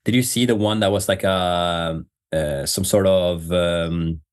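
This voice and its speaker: A man's voice: sits low, unhurried, clean tone. A man co-hosting a podcast, chatting casually and laughing often while reacting. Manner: laughing, relaxed, rambling. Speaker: podcast co-host. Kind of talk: casual chat.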